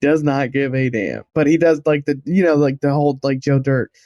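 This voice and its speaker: A man's voice: mid-range voice, moderate pace, dark tone, dry recording, dull audio. A man playing a tabletop role-playing game, talking in an eager, rambling way. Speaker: player. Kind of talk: tabletop role-play chat.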